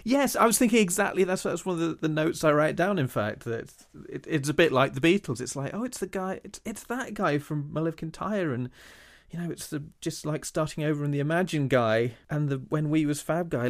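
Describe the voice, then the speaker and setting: A British man with a slightly high, expressive voice talks fairly quickly in casual chat. He's enthusiastic, acting out little quotes of his own reactions.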